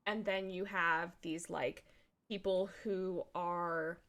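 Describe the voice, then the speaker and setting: A young woman co-hosting a livestream, chatting casually, animated and opinionated, with lots of "like" fillers. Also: lowish voice, slow. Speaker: co-host.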